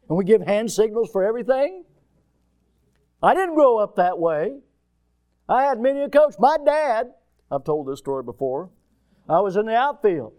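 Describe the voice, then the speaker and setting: A man with a high voice delivers a sermon, animated and folksy. He peppers it with rhetorical questions and homespun stories, swinging from loud, sharp cries down to low, quiet asides. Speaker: preacher.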